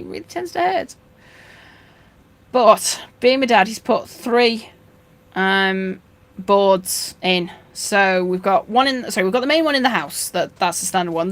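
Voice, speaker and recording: A woman's voice: medium pitch, fairly bright tone. Woman host, casual chat, rambling and anecdotal, dry humour. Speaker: fishkeeping channel host.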